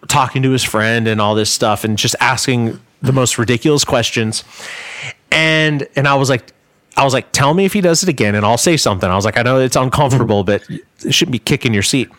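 A man of middle pitch tells a story in loose, casual chat and keeps circling back with "like" and "you know". His voice sits close and dry, with no room around it. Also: a bit bright, no room sound. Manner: rambling, many filler "like"s. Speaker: guest musician.

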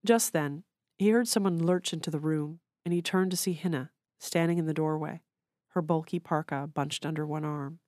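A woman author reading her own short story aloud in a measured, literary way. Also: low voice, darkish tone, no room sound, clean studio sound.

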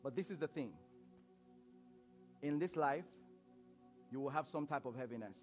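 A man preaching a sermon in church, animated, laughing often and repeating phrases as he questions the congregation. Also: fairly high pitch, moderate pace, faint music behind.

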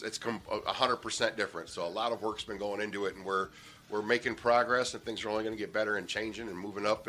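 Male talk host, rapid and sharp-toned, crude rambling banter. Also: on the low side. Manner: brash, profane, rambling banter. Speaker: show host. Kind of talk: casual chat.

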